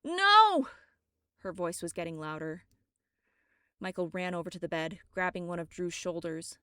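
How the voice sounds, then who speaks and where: A woman reading her own story aloud as audiobook narration, steady and dramatic. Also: lowish voice, normal speed, smooth, dry recording, clean studio sound.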